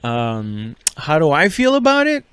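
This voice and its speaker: A man's voice: a little high, huge pitch swings, unhurried, fairly bright tone, clean tone, dry recording. A man hosting a comedy podcast, rambling and swearing casually with lots of fillers and laughs. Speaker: podcast host.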